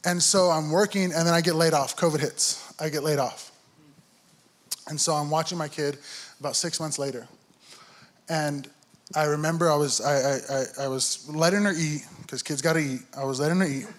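A man's voice: fairly high pitch, steady tone, moderate pace. A young adult man giving a heartfelt testimony in church, telling his story earnestly and acting out his inner dialogue. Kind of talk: sermon testimony.

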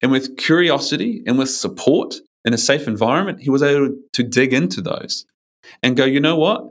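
A men's coach speaks in a casual interview, rambling loosely with lots of fillers and offhand swearing. His mid-range voice has lively intonation and moves a little fast.

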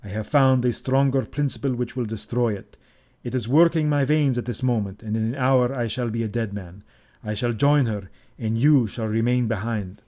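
A man's voice: mid-range voice, moderate pace, dark tone, natural voice. A man reading the part of an ecstatic, half-mad Egyptian priest, scornful and then coldly triumphant, in an audiobook. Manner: exultant and scornful, then cold.

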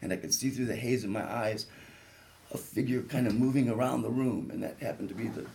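Gravelly man telling a harrowing story. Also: medium pitch, brisk, warm tone, a little hiss or hum. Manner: earnest, vivid retelling with rising intensity at peak moments. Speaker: guest, reconstructive surgeon. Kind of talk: personal story told on radio talk show.

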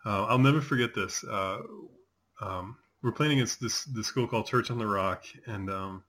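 A man's voice: fairly low pitch, normal speed, a bit bright. A man in his forties chatting casually as a host, telling rambling stories with many fillers. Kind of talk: casual chat.

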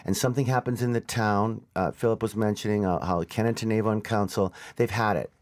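A stage actor talking excitedly in a studio interview, tripping over and repeating his words. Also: fairly low pitch, brisk. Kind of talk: animated interview chat.

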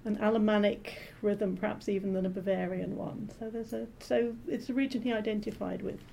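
A woman translator being interviewed, explaining her work in a measured, thoughtful way with frequent pauses and ums. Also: mid-range voice, steady tone, gravelly, dark tone, slight background noise. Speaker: literary translator, interview guest. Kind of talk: thoughtful academic conversation.

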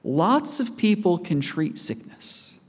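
A man's voice: high voice, sing-song, slow, breathy edge. A man preaching a sermon in a church, conversational and asking the congregation questions as he goes. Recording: reverberant church hall.

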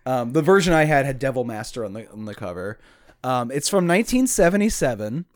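A man's voice: mid-range voice, big pitch swings, brisk. A man co-hosting a podcast in casual chat, talking loosely with lots of fillers and frequent laughs. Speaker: podcast co-host.

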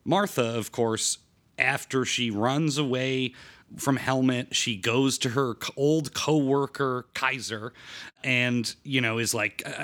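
A man hosting a casual film podcast, recapping plots in a halting way with many fillers. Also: mid-range voice, fairly bright tone. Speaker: podcast host.

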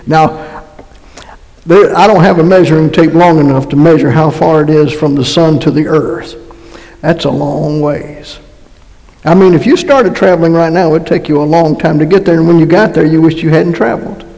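A man's voice: fairly high pitch, fairly even intonation, moderate pace, creaky, darkish tone. A man preaching a conversational sermon with a Massachusetts accent, folksy and joking, with frequent restarts. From North Carolina. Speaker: pastor. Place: church sanctuary. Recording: long reverb of a church hall.

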